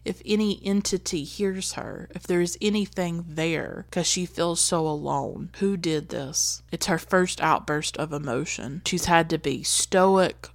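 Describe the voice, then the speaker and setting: A woman podcast host giving a reflective commentary on a film scene, speaking in an earnest, slow and emphatic way. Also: on the low side, vocal fry.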